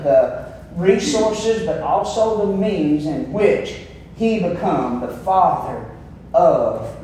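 A man's voice: high voice, dark tone, a little hiss or hum. A man preaching a sermon as pastor, emphatic and calling out for amens from the congregation. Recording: echoey room, from far off.

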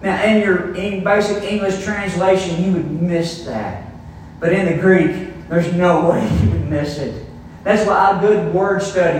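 A man preaches a sermon, walking his listeners through a Bible verse in a slow, deliberate teaching manner. His voice sits high for a man. He sounds far from the mic, in a very echoey church hall. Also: a little hiss or hum. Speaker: pastor.

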